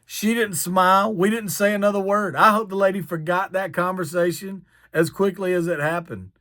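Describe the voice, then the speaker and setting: A man from the American South with a long drawn-out Southern accent, telling a self-mocking story. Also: sits high, dry recording, studio quality. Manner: drawled, self-mocking, animated. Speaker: vlogger. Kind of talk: storytelling to camera.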